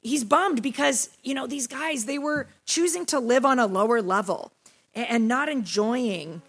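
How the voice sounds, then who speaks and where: A woman's voice: on the high side, normal speed, fairly bright tone. A young woman teaching a Bible study lesson in a casual, conversational way, often checking in with her listeners. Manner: conversational, frequent "right?" and "you know".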